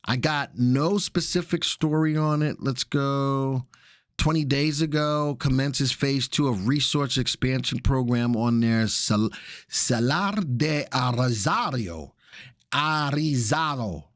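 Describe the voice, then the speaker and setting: A man's voice: mid-range voice, steady tone, a little slow, no echo. Male market-analysis host, casual live commentary, mid-range voice, dry close sound. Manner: casual, chatty, jokey asides.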